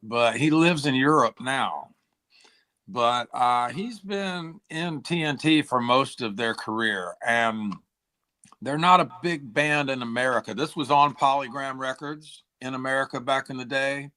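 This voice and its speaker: A man in his forties, a musician guest from Tennessee, chatting casually and rambling with a hoarse, throat-clearing voice. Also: medium pitch, a little slow, pushed and bright. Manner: rambling, says "like" and "dude" a lot. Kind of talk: casual interview chat.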